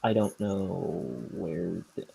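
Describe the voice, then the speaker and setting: A man's voice: deep voice, fairly even intonation, slow pace, creaky, dark tone, a little hiss or hum. A man chatting casually and joking dryly while he draws comics. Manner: dry, joking. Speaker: comic artist co-host. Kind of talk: casual chat.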